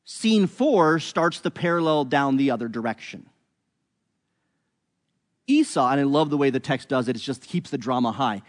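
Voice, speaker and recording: A man teaching a bible passage, telling the story in an animated, conversational way. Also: mid-range voice, moderate pace, long pauses, long reverb tail.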